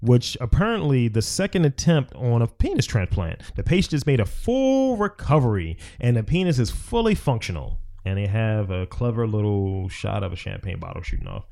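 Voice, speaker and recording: A man's voice: mid-range voice, sing-song, normal speed, creaky, hardly any pauses, dark tone. A man co-hosting a comedy podcast, reading odd news stories aloud and laughing often. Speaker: podcast co-host. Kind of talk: casual comedic chat.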